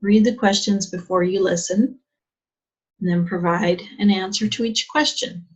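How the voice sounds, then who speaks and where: A woman's voice: medium pitch, steady tone, normal speed, husky. A woman teacher giving a chatty English exam lesson, asking rhetorical questions and using plenty of fillers. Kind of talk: online lesson. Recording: dull lo-fi sound.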